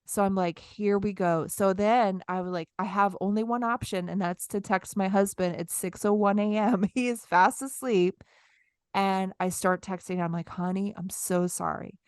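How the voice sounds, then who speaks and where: With an animated, easygoing manner, a thirty-something podcast co-host narrates a story and acts out her own remarks in quotes. At a moderate pace, her clear, smooth, medium-pitched voice comes through close-miked and echo-free, with no room sound.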